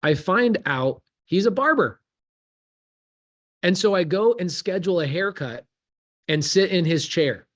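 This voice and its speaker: Animated man telling a story in casual slang. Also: high voice, unhurried, long pauses, muffled recording. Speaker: real estate investor. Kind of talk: casual podcast conversation.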